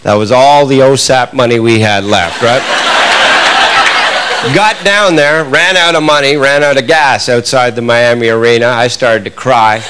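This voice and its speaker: A Canadian man doing stand-up comedy, telling a long animated story to a club audience. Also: mid-range voice, unhurried. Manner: animated, building to excited outbursts with audience laughter. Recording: noisy live club recording.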